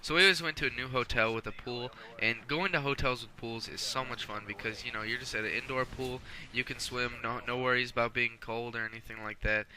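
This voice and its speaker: A man's voice: mid-range voice, steady tone, a little fast, hardly any pauses, pushed and bright, low-quality recording. A man hosting a gaming channel, chatting casually over gameplay in a rambling way with many self-corrections.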